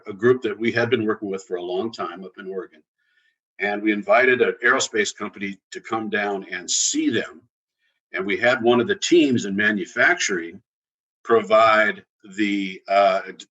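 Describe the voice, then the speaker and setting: A man speaking as a consultant guest, telling an anecdote in a halting, chatty way with restarts. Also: fairly low pitch, fairly bright tone, husky, muffled recording. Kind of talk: storytelling in conversation.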